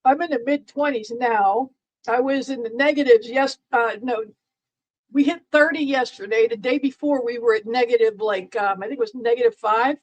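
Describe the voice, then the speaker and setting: A woman hosts a live stream and chats casually with her viewers, and her voice sits a little on the high side. She rambles along with plenty of fillers and restarts. She keeps up a playful, teasing banter with the chat. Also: fairly even intonation, normal speed, poor audio. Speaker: livestream host.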